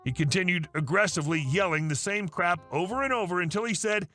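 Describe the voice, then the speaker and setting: A man's voice: sits high, fast, few pauses, pushed and bright. A man narrating online stories in a casual, wry storytelling tone. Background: faint music.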